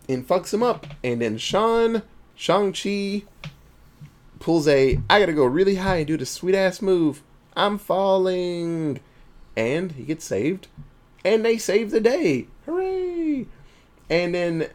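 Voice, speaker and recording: Animated man recapping a movie. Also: medium pitch. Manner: animated, profane storytelling with acted-out voices. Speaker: podcast co-host.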